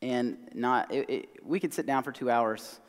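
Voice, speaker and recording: A hoarse man in his thirties with a Southern American accent, preaching a sermon in a conversational, self-deprecating way. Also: mid-range voice, normal speed, long reverb tail. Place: church sanctuary.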